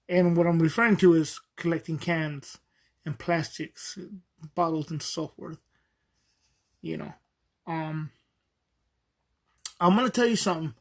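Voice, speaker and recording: Rambling podcast man, slightly high voice. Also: a little slow, pauses often. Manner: rambling, with many fillers and restarts; chuckles often while telling stories. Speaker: podcast host. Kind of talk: casual podcast monologue.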